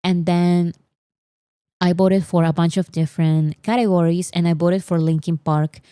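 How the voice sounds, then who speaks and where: A woman's voice: on the low side, steady tone, moderate pace, warm tone, smooth, no room sound, clean studio sound. A woman hosting a casual livestream, chatting in an opinionated way with many fillers. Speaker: livestream host.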